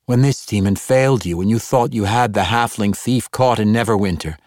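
A man's voice: fairly low pitch, fairly quick, a little mellow, no room sound, clean studio sound, lightly acted. A man voicing a frightened, desperate mother who pleads.

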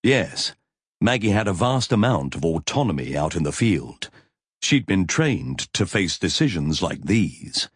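A man narrating an audiobook in an expressive storytelling manner. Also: low voice, unhurried, husky, no room sound, clean studio sound. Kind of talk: scripted narration.

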